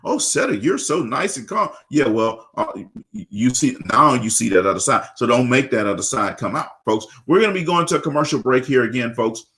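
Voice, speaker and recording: A man's voice: mid-range voice, expressive, fairly quick, a bit bright. A man from Louisiana hosting a live radio talk show, upbeat, often stammering and repeating words.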